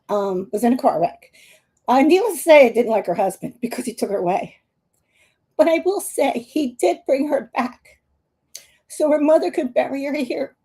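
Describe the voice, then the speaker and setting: A woman's voice: high voice, mellow. A woman, a psychic medium hosting a live stream, telling a long personal story with many restarts while tearful. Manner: rambling, many restarts and asides to viewers.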